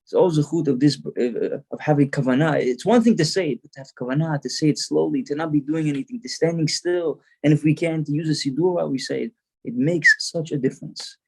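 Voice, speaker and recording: A man's voice: on the high side, fast, creaky, slightly rough. A male rabbi giving a storytelling sermon, earnest, repeating words as he builds the story.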